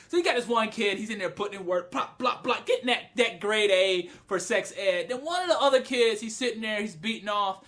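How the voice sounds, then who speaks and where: A man casually reviewing anime on camera, telling scenes in an animated way, laughing and breaking into loud, high yelling. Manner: frequent swearing and laughter.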